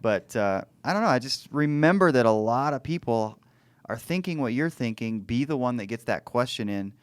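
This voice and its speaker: A man's voice: mid-range voice, lively intonation, moderate pace, clear, resonant tone, no room sound. A man co-hosting a podcast in casual, friendly, reassuring chat. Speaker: podcast co-host.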